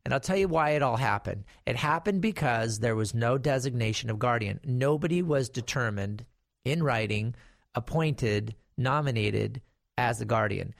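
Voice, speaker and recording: This is a middle-aged man, an estate planning attorney, whose mid-range, creaky voice moves at normal speed with lively intonation. He explains guardianship to viewers conversationally, like telling a story, and delivers emphatic warnings. The audio is studio quality and echo-free.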